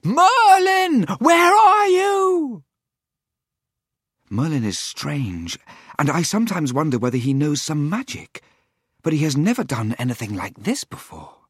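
Husky, expressive male storyteller. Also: medium pitch, normal speed, no echo, clean studio sound. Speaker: narrator. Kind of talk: storybook reading.

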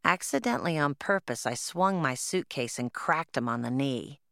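A woman's voice: low-pitched, lively intonation, moderate pace, vocal fry, fairly bright tone, no echo, clean studio sound. A woman narrating an audiobook in first person, telling a plain story in the voice of a twelve-year-old girl.

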